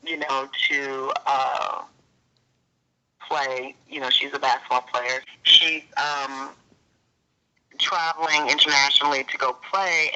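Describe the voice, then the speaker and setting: A woman actor telling a lively story in a casual interview, acting out what other people said. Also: low-pitched. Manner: animated storyteller, acts out quotes in a raised voice. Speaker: actor guest. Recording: dull lo-fi sound.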